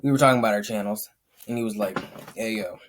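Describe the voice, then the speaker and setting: A man's voice: fairly low pitch, fairly even intonation, racing, a little hiss or hum. A young man hosting a reaction video, chatting in a laid-back, self-mocking way. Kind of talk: casual reaction commentary.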